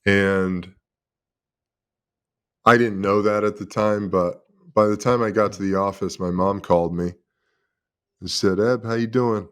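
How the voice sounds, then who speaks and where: Deep-voiced man telling a candid story. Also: fairly even intonation, measured pace, long pauses, clean tone. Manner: emotional, confessional, swears freely. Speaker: podcast guest, former pro football player.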